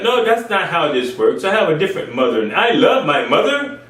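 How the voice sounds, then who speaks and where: A man preaching in a fairly high, swinging voice that leaps up and down. He repeats phrases to press his point and acts out other people's voices. He is recorded from a distance in an echoey room. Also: very animated, fairly quick, a bit bright. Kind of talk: informal sermon.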